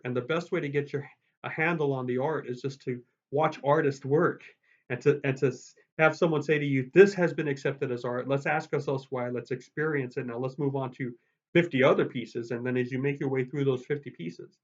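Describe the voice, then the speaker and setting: A man giving a college lecture on poetry, rambling with many restarts and tapping out meter aloud. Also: medium pitch. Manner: rambling, full of restarts and fillers, sounds out meter with "da da". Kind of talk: recorded lecture. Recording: dull lo-fi sound.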